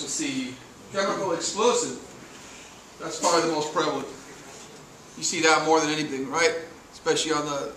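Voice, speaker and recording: A man's voice: a little high, fairly bright tone. A male firefighter instructor, giving a casual training lecture, chatty and full of anecdotes and questions to the class. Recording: echoey room, voice from far off, faint noise.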